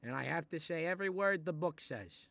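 A man voicing a short-tempered Italian-American mob boss who grumbles, swears and threatens, in a comedic animated role. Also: a little high, a little fast. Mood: gruff menacing. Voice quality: gravelly, threatening. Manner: grumbling asides, sudden angry outbursts, swearing. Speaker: mob boss reading a children's book.

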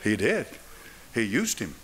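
A man's voice: on the low side, wildly swooping pitch, unhurried, a crowd in the background. An older man preaching a sermon in church, firing rhetorical questions at the congregation. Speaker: pastor. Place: church sanctuary.

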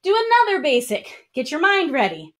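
Woman dance teacher, high voice, counts steps while dancing, slightly winded. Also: sing-song, brisk, a bit bright. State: out of breath. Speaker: dance instructor. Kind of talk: live-streamed dance lesson. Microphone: single mic while moving around.

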